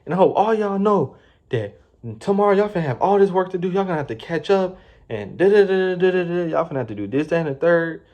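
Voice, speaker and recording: A man's voice: high-pitched, fairly quick, dark tone, dull audio, voice pushed up, lightly acted. A man voicing a bossy female warehouse manager who scolds and rattles off orders. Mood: scolding.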